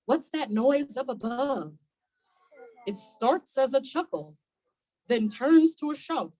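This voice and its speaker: A woman reading a children's picture book aloud at a community event, animated and coaxing the young audience to join in. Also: high voice, takes it slowly, rough recording.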